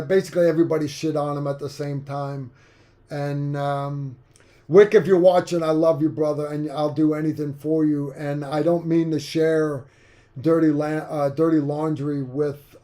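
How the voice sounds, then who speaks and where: A man's voice: on the high side, mellow. A man in his fifties hosting a livestream, talking frankly in a rambling way with many fillers and restarts. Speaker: livestream host. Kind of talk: casual livestream chat.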